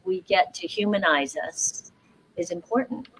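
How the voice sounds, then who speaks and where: A woman's voice: fairly low pitch, lively intonation, a little slow, husky, low-quality recording. A middle-aged woman actor on a panel, speaking thoughtfully and a little hesitantly over a video call. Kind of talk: casual panel chat.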